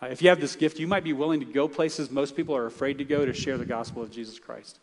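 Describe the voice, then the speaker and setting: A man from Texas preaching a sermon in a conversational, animated way, with frequent restarts. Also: mid-range voice, quick pace, in a large hall. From Texas, United States. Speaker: pastor. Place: church sanctuary.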